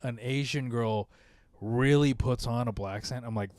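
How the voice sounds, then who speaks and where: A man's voice: medium pitch, moderate pace, a little mellow, no echo, studio quality. A man co-hosting a comedy podcast, talking casually and rambling with fillers and restarts. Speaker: podcast co-host.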